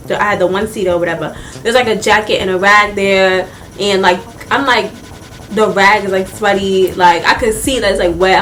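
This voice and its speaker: A young woman telling a storytime on her vlog, animated and slangy, often breaking into laughs. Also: mid-range voice. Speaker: vlogger. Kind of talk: casual storytime.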